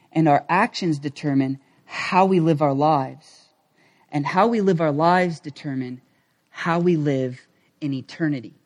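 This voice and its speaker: A male pastor delivering a sermon with lively, animated energy. His voice swings between excited, raised moments and quiet, low-pitched stretches.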